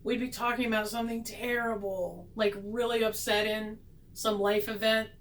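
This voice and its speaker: A woman's voice: medium pitch, rough recording. A woman vlogging a tarot reading in a casual, sarcastic, self-mocking way, laughing often.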